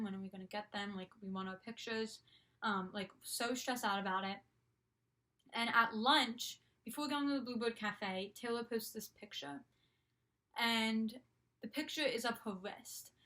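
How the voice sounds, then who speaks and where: Young female vlogger, slightly high-pitched, rambling and gushing, filler-heavy storytelling. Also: sharp tone. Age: young adult. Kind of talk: casual storytelling.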